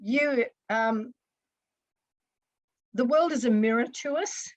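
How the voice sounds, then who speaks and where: This podcast guest is a woman counselor whose voice runs on the high side, and she speaks slowly and earnestly, explaining with restarts and asides in casual conversation. The recording is low quality, without echo.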